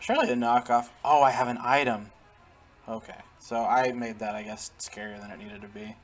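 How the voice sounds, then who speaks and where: Faint music plays behind a man with a medium-pitched, brisk voice. As a gaming channel host, he keeps up chatty let's-play commentary, often laughing and speaking to the characters on screen.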